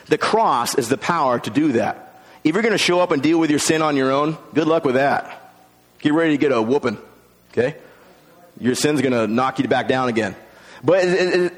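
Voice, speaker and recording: A male pastor preaching a sermon, animated, acting out the voices in the stories he tells. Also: fairly high pitch, big-room sound. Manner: animated, acts out voices in quotes.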